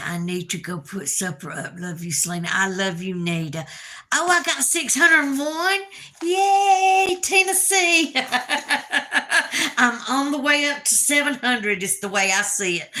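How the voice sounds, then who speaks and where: A middle-aged woman with a Southern US drawl chats with her livestream viewers in a folksy, homey way. She takes her time over every sentence. Her voice has a bright, sharp edge. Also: medium pitch. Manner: chatty, folksy, talks straight to her viewers. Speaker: livestream host. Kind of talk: casual livestream chat.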